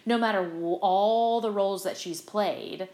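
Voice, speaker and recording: A middle-aged woman, a stage actress, telling stories as a guest in a casual interview, animated and full of fillers. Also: mid-range voice, a little slow. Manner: animated, chatty, lots of fillers. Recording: roomy echo.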